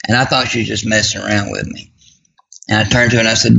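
Gravelly-voiced man telling a folksy story. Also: on the low side, little pitch movement, fast talker, sharp tone, dull audio. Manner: folksy, self-deprecating humor. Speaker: guest. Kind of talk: personal storytelling.

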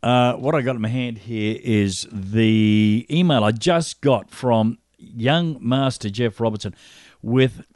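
A man's voice: mid-range voice, slow pace, a little mellow, dry recording, studio quality. Joking radio host man. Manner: jokey, teasing, laughs often. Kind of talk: casual radio chat.

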